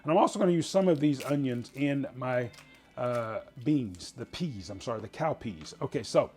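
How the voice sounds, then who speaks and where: A man's voice: mid-range voice, expressive, moderate pace, a little mellow, slightly rough. A man hosting a casual home cooking show, chatting folksily as he explains each step in his kitchen.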